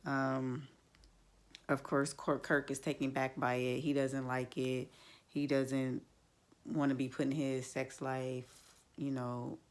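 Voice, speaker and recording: Her voice rumbles low and slow, barely moving in pitch, as this woman reviews TV shows. Recapping a reality episode, she gets blunt and chatty, tossing out candid takes and plenty of "like" and "you know."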